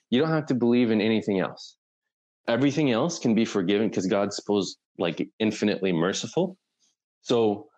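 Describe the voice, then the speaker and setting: Low-voiced man; loose, rambling conversational storyteller. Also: a little mellow, low-quality recording. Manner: rambling retelling, full of "like" and "right?". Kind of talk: casual conversation.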